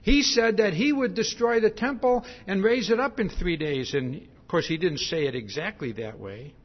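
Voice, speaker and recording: A man preaching a sermon, slow and emphatic, tagging his points with "see?". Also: sits high, lively intonation, slightly rough, lo-fi sound.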